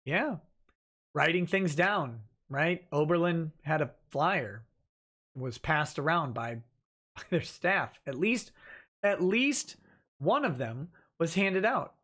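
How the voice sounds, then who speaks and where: A man's voice: on the high side, lively intonation, takes it slowly, fairly bright tone. A man hosting a livestream, reading viewer comments aloud and answering them casually with restarts and chuckles. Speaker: livestream host reading chat.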